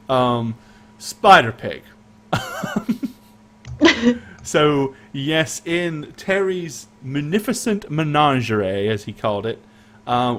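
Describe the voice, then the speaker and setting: A man's voice: medium pitch, a little hiss or hum. A man co-hosting a casual recap of a tabletop game stream, who rambles and restarts his sentences as he talks. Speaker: game master and co-host.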